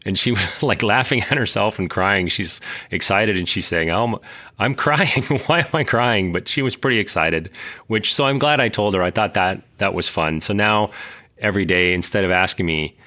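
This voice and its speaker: A man's voice: sits low, moderate pace, pushed and bright. A middle-aged man hosting a casual solo podcast, talking in a rambling way with many fillers and restarts. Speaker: podcast host.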